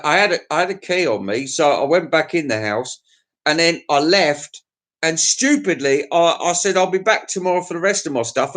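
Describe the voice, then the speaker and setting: A man's voice: high-pitched, a bit bright. A man hosting a livestream, telling crude, profane, jokey stories in a rambling casual chat to his viewers. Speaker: livestream host.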